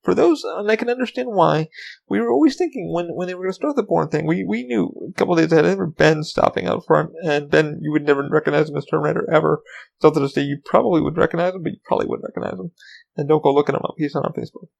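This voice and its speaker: A man's voice: a little high, racing, vocal fry, darkish tone, highs cut off. A man hosting his own podcast, chatting casually and rambling with lots of ums and swearing. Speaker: podcast host. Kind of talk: casual solo podcast chat.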